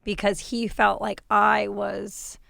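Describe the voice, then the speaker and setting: A woman's voice: medium pitch, level tone, creaky, bright, forceful tone, no room sound, clean studio sound. A woman comedian, a guest in a casual podcast chat, who talks bluntly, swears freely and laughs often. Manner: blunt, profane and quick to laugh.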